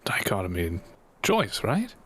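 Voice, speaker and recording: A man's voice: deep voice, huge pitch swings, normal speed, a bit bright, slightly rough. A man role-playing his tabletop character, speaking in a reflective, musing way. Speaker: player.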